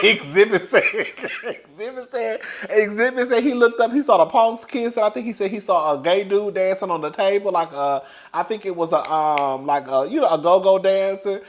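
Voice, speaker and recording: A man giving casual, sassy celebrity gossip commentary, laughing often and calling his listeners "girl". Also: on the high side. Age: older than young adult.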